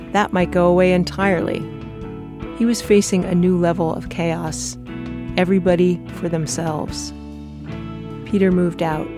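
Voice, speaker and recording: A woman host narrating a scripted documentary story in a measured, even way. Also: fairly low pitch. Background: guitar music.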